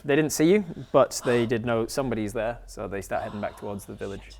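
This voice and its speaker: Game master, adult man, mid-pitched, loose rambling narration full of ums. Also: fast, gravelly, darkish tone, faint music behind. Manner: rambling, lots of fillers and restarts.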